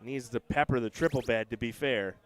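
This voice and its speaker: A man giving relaxed, chatty live commentary on a darts match, with joking asides about himself. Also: medium pitch, a little fast. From United States.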